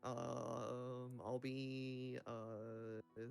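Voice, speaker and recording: A man's voice: medium pitch, level tone, extremely slow, vocal fry, soft background music. A man co-commentating on a charity speedrun, chatting in a laid-back, joking way with frequent chuckles. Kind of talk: casual chat.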